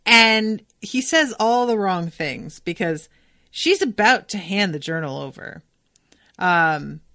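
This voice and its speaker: A woman's voice: mid-range voice, animated, takes it slowly, pushed and bright, dry recording. Chatty woman podcaster with a dry close sound. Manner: chatty, lots of "like" fillers, amused asides. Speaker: podcast host recapping a cartoon. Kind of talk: casual episode recap.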